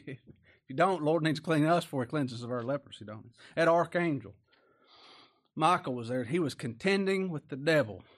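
A male preacher giving a sermon in a folksy, plain-spoken way, driving his points home with repeated rhetorical questions. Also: medium pitch.

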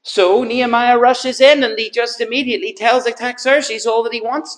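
Male preacher, evening sermon, high voice, impassioned, loud then hushed, repetitive emphasis. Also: fairly even intonation, moderate pace, hardly any pauses, poor audio. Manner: impassioned, swinging between loud urgency and hushed earnestness.

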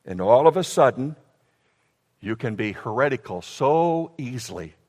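A man's voice: medium pitch, animated, unhurried. Emphatic preaching man in a reverberant hall. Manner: emphatic preaching, swings from loud to hushed. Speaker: pastor. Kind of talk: sermon.

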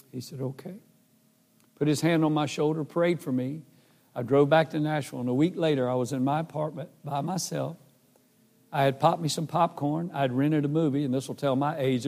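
A gospel singer from North Carolina, a man in his 40s or older, earnestly gives his spoken testimony and acts out his own prayers as he tells his story. His voice is on the high side and darkish, with vocal fry, and a long reverb tail trails behind it.

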